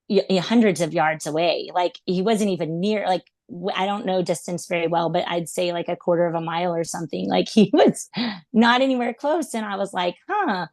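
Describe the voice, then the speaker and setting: A woman in her thirties with a fairly low voice tells a personal story in a relaxed, earnest way, with plenty of "um" and "like" along the way. The recording is close and dry, with no room sound. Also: dry recording. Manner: earnest, reflective, many fillers like "um" and "like". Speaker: podcast guest, animal intuitive. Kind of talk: casual storytelling interview.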